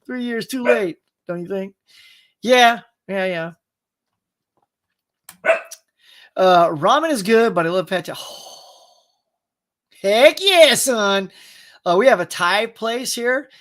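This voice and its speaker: A man's voice: sits high, takes it slowly, long pauses, fairly bright tone. A man hosting a casual pop culture chat, chatty and laughing often, with a dog barking in the background. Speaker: pop culture show host. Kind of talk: casual chat about movies.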